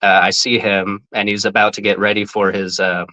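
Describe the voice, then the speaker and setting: A man telling a story on a podcast in a casual, animated way. He swears freely, laughs often and jumps up in pitch when he quotes people. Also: moderate pace, low-quality recording. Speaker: podcast guest, former team mascot.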